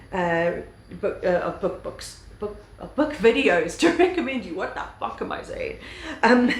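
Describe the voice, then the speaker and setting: A woman's voice: lowish voice, a little hiss or hum. Chatty woman, roomy echo. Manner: chatty and rambling, with lots of fillers and casual swearing. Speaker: book vlogger. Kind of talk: casual book review chat.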